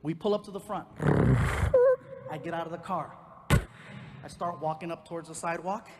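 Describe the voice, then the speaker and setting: A man doing stand-up, telling a personal story and acting out the people in it with lively energy. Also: a little high, normal speed, in a large hall, heavy background noise. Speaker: stand-up comedian. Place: comedy stage before a live audience.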